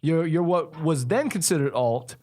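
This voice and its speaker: Podcast host, male, higher-pitched, animated storyteller. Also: moderate pace, slight background noise. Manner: animated storyteller, acts out quoted voices. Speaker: guest host. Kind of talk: casual podcast chat.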